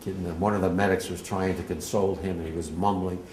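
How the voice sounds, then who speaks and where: A man's voice: low-pitched, level tone, brisk, darkish tone, a little hiss or hum. A man, a war veteran giving emotional, vivid personal testimony to a class. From New Jersey, USA. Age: 80s. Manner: vivid, emotional storytelling with emphatic outbursts. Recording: echoey room.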